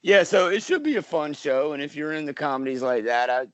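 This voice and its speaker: A man's voice: fairly high pitch, animated, a little fast, no echo, lo-fi sound. A man from South Carolina, an actor guest, chatting casually in an interview with lots of fillers and restarts. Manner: rambling, many fillers and restarts.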